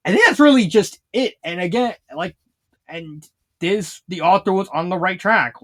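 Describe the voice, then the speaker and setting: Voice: medium pitch, moderate pace. A fanfiction reviewer talking casually, rambling with many restarts and fillers and laughing often while retelling scenes.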